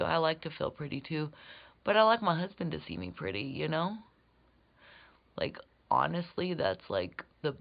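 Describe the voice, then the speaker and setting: A woman's voice: extremely low pitch, vocal fry. A woman rambling through a casual makeup tutorial, swearing freely and slipping into whispered asides. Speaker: beauty vlogger. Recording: dull lo-fi recording.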